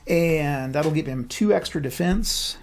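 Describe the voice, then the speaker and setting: A man's voice: on the high side, vocal fry, a little hiss or hum. A man narrating his own solo board game playthrough, thinking aloud as he rolls dice and moves pieces. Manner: unhurried, thinking aloud while rolling dice. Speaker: board game channel host.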